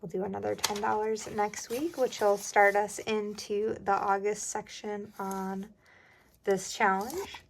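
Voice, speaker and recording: A young woman chatting casually while budgeting for her vlog, often dropping into a soft whisper. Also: mid-range voice, a little hiss or hum, low-quality recording. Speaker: budgeting vlogger. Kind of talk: casual cash-stuffing vlog narration.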